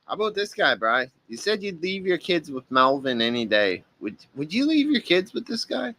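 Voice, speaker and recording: A man's voice: on the high side, big pitch swings, moderate pace, pushed and bright, soft background music. A man hosting a reaction video, talking over clips with profane, sarcastic taunts. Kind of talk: mocking commentary over clips.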